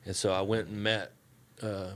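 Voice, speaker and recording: A middle-aged man with a Southern US accent, a church staff member telling relaxed, folksy stories in an interview and acting out the dialogue. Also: fairly low pitch, moderate pace. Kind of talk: casual storytelling interview.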